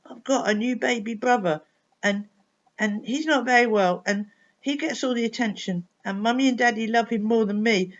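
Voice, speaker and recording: A woman's voice: fairly high pitch, normal speed, lightly acted. Woman doing a rambling, stammering little anger creature. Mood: aggrieved. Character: sulky little anger creature, childlike and tearful. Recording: dull lo-fi recording.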